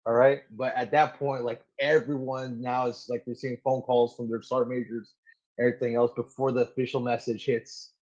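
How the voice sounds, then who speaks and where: A man's voice: medium pitch, fairly quick. A man in his thirties, a Marine guest on an interview show, telling a story casually and animatedly with lots of "like"s. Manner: animated, filler-heavy storytelling with many "like"s. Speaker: Marine gunnery sergeant guest. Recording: slightly dull lo-fi audio.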